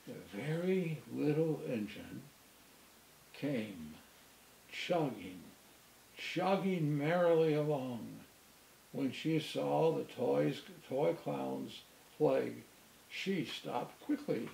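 A man's voice: medium pitch, animated, takes it slowly, gravelly, a little mellow, echoey room, low-quality recording. A man, a priest, reading a children's storybook aloud with dramatic character voices. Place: church.

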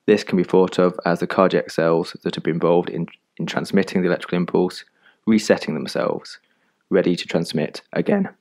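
A man narrating a scripted medical lesson in calm, measured explanations. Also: sits low.

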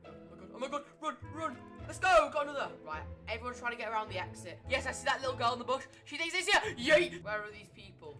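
A high-voiced woman narrates her gameplay live, swinging between quick chatter and sudden yelps and shouts. She repeats exclamations in rapid bursts, with clear music playing behind her. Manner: excitable, frequent yelps and shouts; fast repetitive exclamations. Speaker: gaming YouTuber. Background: background music.

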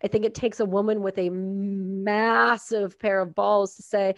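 A woman hosting a podcast interview, talking emphatically and effusively and acting out quotes in animated voices. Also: mid-range voice, measured pace, hardly any pauses, no room sound. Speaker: podcast host. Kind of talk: casual interview conversation. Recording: dry, dull audio.

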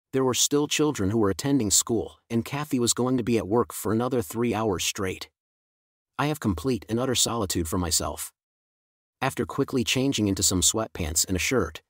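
A man narrating a first-person story in an even, measured way. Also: lowish voice, no room sound, studio quality.

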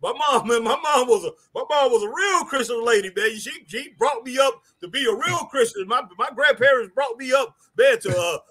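A man co-hosting a live stream in casual chat, excitable and chuckling, ending lines with "man" and "boy". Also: extremely high pitch, normal speed, hardly any pauses, slightly rough. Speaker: co-host of a wrestling live stream.

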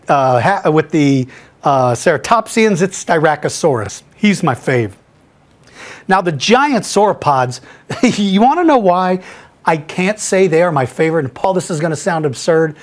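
Middle-aged guy hosting a q&a podcast, chatty, excited, laughs a lot. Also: a little high. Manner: enthusiastic and chatty, laughs easily. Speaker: podcast host answering listener questions. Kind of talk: casual Q&A chat, reading emails aloud.

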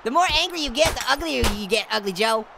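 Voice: mid-range voice, expressive, fast talker, vocal fry, music in the background. A performer voicing a cheeky, hyper male cartoon orange who narrates a comedic VR boxing playthrough, taunting and cackling constantly. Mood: taunting glee. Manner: taunting, giggly, constant cackling laughs and wisecracks. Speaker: gameplay commentator.

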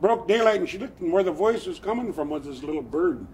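An elderly man telling a traditional story to listeners in a plainspoken, lively way, with chuckling asides. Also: high voice, quick pace, a little hiss or hum. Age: older.

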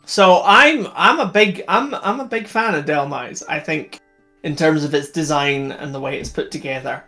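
A man's voice: a little high, moderate pace, pushed and bright, faint music behind. A man co-hosting a casual livestream, enthusiastic and laughing often, with rambling restarts. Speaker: co-host.

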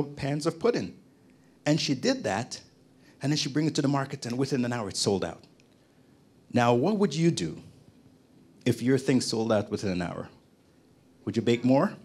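Middle-aged guy from jamaica telling his life story on a podcast, husky voice, acts out the people in it. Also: medium pitch, a little mellow. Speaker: podcast guest. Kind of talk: conversational storytelling.

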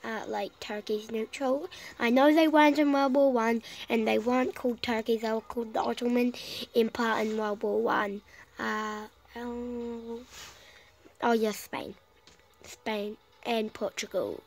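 Slow, rambling woman with a cough. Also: a little high, steady tone, rough recording. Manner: rambling, self-talking, trailing off with fillers. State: sick with a cough. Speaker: gameplay commentator. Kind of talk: casual let's-play commentary.

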